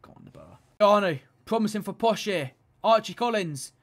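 A man giving excited video game commentary, swinging from muttered pleading to loud shouting. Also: sits high, brisk. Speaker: gaming video creator.

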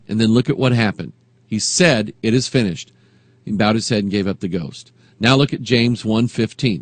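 Dry, close-miked preacher, impassioned. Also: male voice, medium pitch, no room sound. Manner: impassioned, shifting from quiet reflection to rising emphasis. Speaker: pastor. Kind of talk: sermon.

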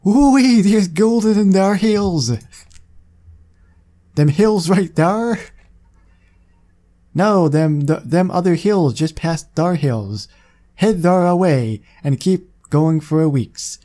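A man's voice: high voice, expressive, slow pace, pauses often, dark tone. A man voicing a hollering old-timey Western prospector with a twangy drawl. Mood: excited. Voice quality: twangy drawl, says "thar".

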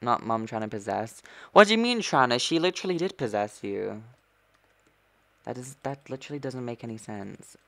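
A man's voice: mid-range voice, lively intonation, normal speed, gravelly, a bit bright. Man, gaming streamer, sassy chatter, sudden squeals, gameplay commentary.

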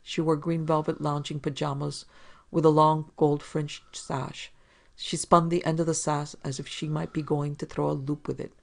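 Podcast narrator, crime story reading, gravelly, flat, steady. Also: medium pitch, moderate pace.

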